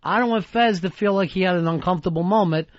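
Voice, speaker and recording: A man's voice: sits high, quick pace, no echo. A man hosting a radio talk show, blustering and mock-threatening, swearing freely. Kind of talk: profane radio banter. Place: radio studio. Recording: dull archival satellite radio broadcast.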